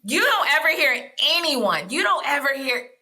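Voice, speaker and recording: A woman, a therapist and educator, in a casual panel discussion, telling stories with quick asides and playful questions to the others. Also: sits high, very animated, pushed and bright, poor audio.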